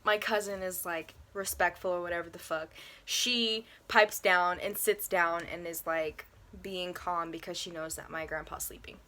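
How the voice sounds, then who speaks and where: A woman's voice: on the low side, fairly even intonation, moderate pace, bright, forceful tone. A young woman telling a casual, profane storytime to her handheld camera in her bedroom. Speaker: vlogger. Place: bedroom at home.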